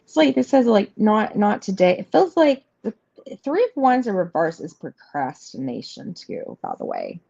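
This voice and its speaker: Reading tarot live for her viewers, a woman chats casually and rambles, full of fillers and restarts, speaking straight to her audience in a reassuring way. Her low, warm voice has a gravelly fry, moves at a normal speed, and swoops wildly in pitch. The stream audio is slightly muffled, with faint noise and keyboard clicks in the background.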